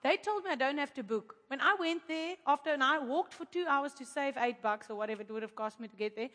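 A woman from Africa, telling a lively testimony to a congregation, animated and laughing often as she acts out the people in her story. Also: sits high, quick pace. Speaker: speaker giving a testimony to a congregation. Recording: echoey hall.

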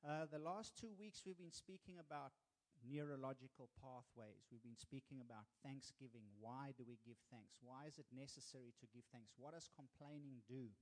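A male pastor addressing his congregation in an earnest, emphatic preaching voice. His pitch sits in the middle of the male range. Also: normal speed, low-quality recording. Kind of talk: sermon.

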